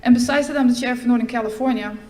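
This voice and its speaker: A middle-aged woman giving a personal testimony at a recovery fellowship event, telling her story in a lively way and acting out the lines she quotes. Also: a little high, very fast. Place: large event hall. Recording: echoey hall with faint ambience.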